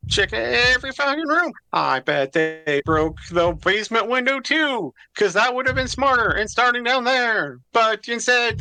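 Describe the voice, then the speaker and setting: A man's voice: high-pitched, sharp tone, slight background noise, heavily acted. A man voicing a crude, foul-mouthed male weasel thug with a grating, nasal voice. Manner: profane, threatening.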